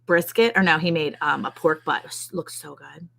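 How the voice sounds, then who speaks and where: A woman's voice: sits low, a little fast, creaky, fairly bright tone. Chatty woman reading out live comments. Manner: chatty, laughs often, reads out viewer comments. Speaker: co-host of a ranch livestream. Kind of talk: casual livestream chat.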